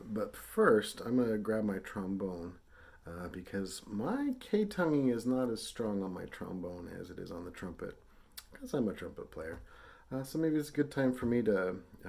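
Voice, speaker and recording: A man's voice: low-pitched, vocal fry, a little mellow. A man teaching a brass lesson, speaking patiently and casually with fillers, and sounding out tonguing syllables for students to copy. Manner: patient, demonstrates syllables aloud. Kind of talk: instructional lesson.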